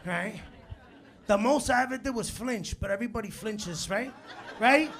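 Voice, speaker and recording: A male stand-up comedian on a club stage, acting out scenes and shouting punchlines, with Spanish words mixed in. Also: high-pitched, normal speed. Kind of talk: live stand-up set. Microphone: handheld stage mic. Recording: live club recording with crowd noise. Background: laughing audience.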